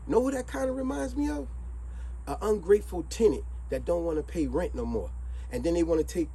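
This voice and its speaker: A man vlogging a streetwise motivational monologue, retelling a fable with preachy, animated delivery. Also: high-pitched, a little fast, a little hiss or hum, poor audio.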